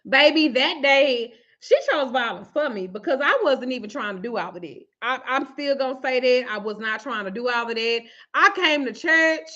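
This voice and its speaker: A woman vlogger telling a story to her viewers in a profane, animated way. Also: high voice, normal speed, few pauses, muffled recording. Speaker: tarot reader and vlog host.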